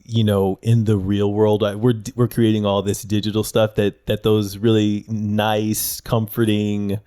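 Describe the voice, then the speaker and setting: A man's voice: fairly low pitch, level tone, unhurried, mellow, clean tone. A man co-hosting a podcast, telling stories in casual chat with lots of fillers and restarts. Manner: storytelling, many fillers and restarts. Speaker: podcast co-host.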